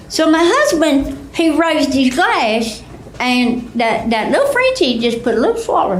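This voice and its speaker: Older woman comic, slow drawl, high voice. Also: very animated. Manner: drawling storyteller with sudden high-pitched character bursts. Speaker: stand-up comedian. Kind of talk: stand-up comedy set. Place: comedy club stage before a laughing audience. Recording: roomy club sound with audience noise.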